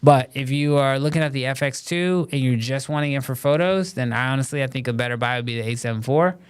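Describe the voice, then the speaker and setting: A man with a smooth, resonant voice hosts a casual live stream and chats loosely with his viewers. He sits at a middle pitch and talks in a relaxed way, with plenty of "um" and "like" between his thoughts. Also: fast talker. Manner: relaxed and conversational, many fillers like "um" and "like".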